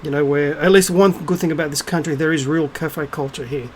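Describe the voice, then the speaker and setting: In this rough recording with a bit of hiss or hum, a middle-aged man rants to camera as a spiritual vlogger, casual, blunt and scornful, with plenty of swearing. His voice sits on the high side, slightly mellow, fairly quick and fairly even in intonation.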